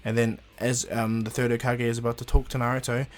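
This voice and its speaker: Man, casual storyteller, rambling, fillers, restarts, soft background music. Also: medium pitch, little pitch movement, quick pace. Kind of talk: casual retelling of a fan story.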